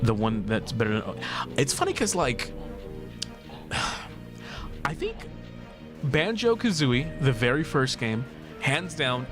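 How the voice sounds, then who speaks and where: A young man chatting casually while streaming a video game, joking, laughing often and swearing. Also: mid-range voice. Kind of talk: casual gameplay livestream chat. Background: game music.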